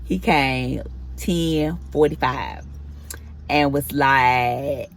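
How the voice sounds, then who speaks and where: A woman vlogger chats through a personal storytime, acting out the quoted back-and-forth as she retells it. Her voice rumbles low at a slow pace, with slight background noise.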